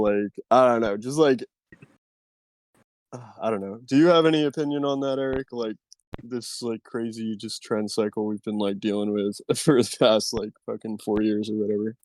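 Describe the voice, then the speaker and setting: A man's voice: on the low side, steady tone, normal speed, darkish tone, dry recording. A man hosting a casual podcast, talking loosely and rambling, with casual swearing. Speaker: podcast host. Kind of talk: casual chat.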